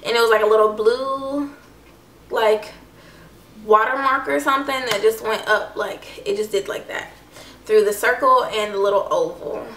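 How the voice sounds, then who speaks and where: Young woman, chatty vlog storytelling, bright forceful voice, slightly high, roomy echo, a little off-mic. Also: normal speed, distant mic, a little hiss or hum. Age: young adult. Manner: chatty, full of "like" and "I don't know". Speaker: vlogger. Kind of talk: casual storytelling to camera. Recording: echoey room, voice a bit off-mic.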